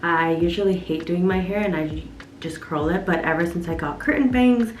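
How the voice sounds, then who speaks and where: A woman's voice: fairly low pitch, moderate pace, echoey room, slight background noise. A young woman chatting casually to camera as a lifestyle vlogger, easygoing and talkative. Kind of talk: casual vlog chat.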